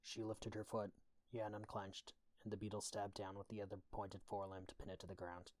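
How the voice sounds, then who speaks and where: A man narrating a dark audiobook in a steady, even storytelling voice. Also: on the low side, fairly quick, dry recording. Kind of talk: scripted narration.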